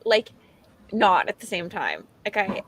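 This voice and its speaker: A woman's voice: mid-range voice, huge pitch swings, measured pace, a bit bright, slightly rough. A woman from Canada hosting a casual live reading stream over a video call, talking in a chatty, hesitant way with lots of fillers and restarts. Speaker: host.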